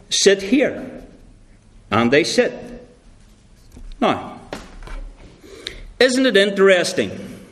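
A man with a high-sitting voice preaches a sermon slowly and deliberately, repeating key phrases for emphasis. Now and then he slips into playful character voices to illustrate his points.

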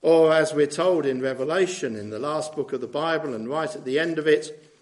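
A man's voice: fairly high pitch, brisk. A man preaching a sermon in a conversational way, often asking tag questions of his listeners. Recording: echoey room.

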